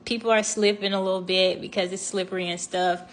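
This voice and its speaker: A woman's voice: medium pitch, fairly even intonation, brisk. A young woman telling a travel story in a casual storytime vlog, chatty and laughing, with many fillers and restarts.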